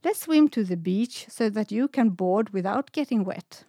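A woman's voice: mid-range voice, expressive, moderate pace, mellow, no room sound, studio quality, lightly acted. A woman reading a storybook, voicing a pair of noble white swans who speak politely and mysteriously.

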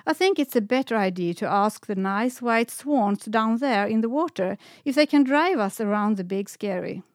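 A woman's voice: a little high, expressive, normal speed, no echo, studio quality, natural voice. A woman reading a storybook, voicing a cheeky little female dog who talks convincingly and proudly. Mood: playful.

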